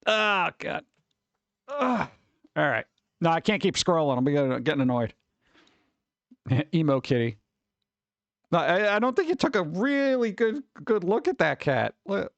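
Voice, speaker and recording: A man's voice: on the high side, big pitch swings, measured pace, creaky, long pauses, no room sound, dull audio. A male streamer in casual, rambling chat, reacting wryly to pictures and to his chat, with a slightly scratchy voice at times.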